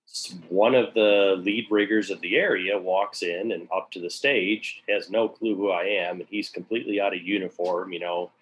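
Man, low voice, casual storyteller, profane, acts out quotes. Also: fairly bright tone, low-quality recording. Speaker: guest telling a work story.

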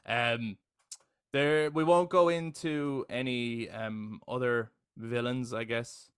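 A young adult man chatting on a podcast with real enthusiasm. His voice sits at an ordinary middle pitch, and he keeps tossing in "right?" and the odd swear word. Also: steady tone, slow, smooth. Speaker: podcast co-host. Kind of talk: casual chat.

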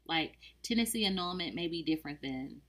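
A woman's voice: low voice, animated, a little fast, fairly bright tone. A woman co-hosting a casual podcast, giving blunt, joking takes on a reality TV show in a slangy, offhand way. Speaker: podcast co-host. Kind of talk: casual chat about reality TV.

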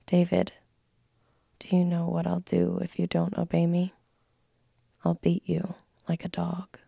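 A woman voicing a stern, menacing stepfather in a whispered role-play, with a low, creaky, husky voice. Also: monotone, unhurried, dark tone, dry recording, lo-fi sound, full character voice. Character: stern cruel stepfather, a grown man.

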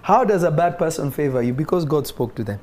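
A man preaches a sermon to a live congregation and an online audience. His voice sits a little high and he delivers with animation, speaking to listeners directly and voicing God's words himself. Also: lively intonation, quick pace, darkish tone.

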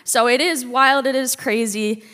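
A woman's voice: high-pitched, fairly even intonation, measured pace, fairly bright tone. A woman pastor speaking casually and chattily to a congregation. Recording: long reverb of a large hall.

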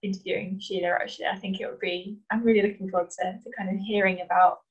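A woman with a Northern English accent, an author chatting relaxed and laughing easily on a video call. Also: mid-range voice, fast, slightly rough, dull audio. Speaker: author being interviewed. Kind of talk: casual chat.

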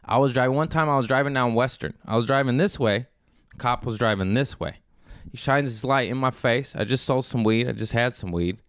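A man's voice: mid-range voice, brisk, clear, resonant tone, no echo, studio quality. Profane, loose-talking man in his thirties. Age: 30s. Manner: loose and profane, laughing, rambling with restarts. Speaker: podcast host. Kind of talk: casual storytelling chat. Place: Los Angeles.

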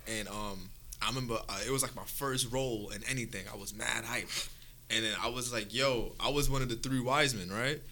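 A man's voice: mid-range voice, a little fast, pushed and bright, slight background noise. A young man casually telling a long, profane story to friends, often checking in with "right?". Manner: rambling, profane, tags lines with "right?".

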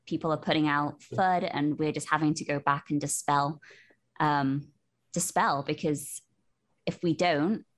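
A woman's voice: deep voice, steady tone, measured pace. A woman co-hosting a podcast, chatting casually and wrapping up the episode. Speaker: podcast co-host. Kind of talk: casual chat.

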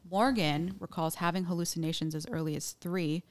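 A woman's voice: fairly low pitch, fairly even intonation, brisk. A young woman co-hosting a podcast, chatting casually and reading from her notes with many fillers and restarts. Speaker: podcast co-host.

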